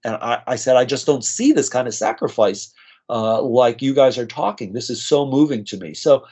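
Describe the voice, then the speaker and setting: A man's voice: medium pitch, moderate pace, darkish tone, husky. A man, a nurse practitioner, telling emotional stories earnestly in a podcast interview, with frequent restarts. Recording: slightly dull lo-fi audio.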